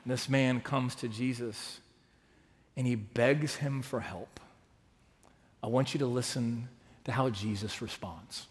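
A man from Texas preaching a sermon as pastor, earnest and full of rhetorical questions, rising to loud emphatic peaks and dropping to hushed asides. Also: medium pitch, fairly even intonation, unhurried, long pauses. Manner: asks the congregation rhetorical questions. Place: large church sanctuary. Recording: long reverb of a big sanctuary.

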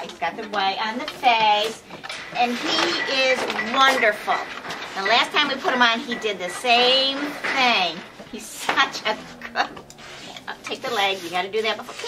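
Out of breath as she handles shelter dogs by an outdoor fence, a woman presents them for local TV, coaxing the animals and laughing between lines. Her voice is fairly high and unhurried, and the local TV recording is noisy.

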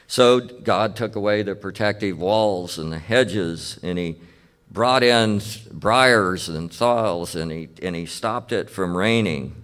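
A man preaching a sermon as pastor, telling stories in a folksy, plain-spoken way in church. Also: on the low side. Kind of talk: storytelling sermon.

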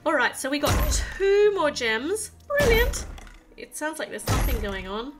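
A woman's voice: high-pitched, big pitch swings, unhurried, music in the background. A woman hosting a game channel, chatting and explaining as she plays and reads lines aloud. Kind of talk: let's-play game commentary.

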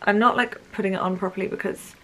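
A woman's voice: medium pitch, steady tone, fast, a bit bright, poor audio. A woman chatting through a shopping haul, gushing and full of "like" fillers. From United Kingdom. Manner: chatty and gushing, heavy use of "like". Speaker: beauty vlogger. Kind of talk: casual haul chat.

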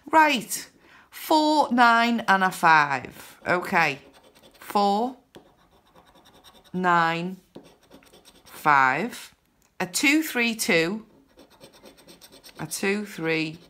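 A woman hosting a scratchcard video, counting numbers aloud in casual narration with bursts of excited whoops. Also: lowish voice. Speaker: scratchcard channel host.

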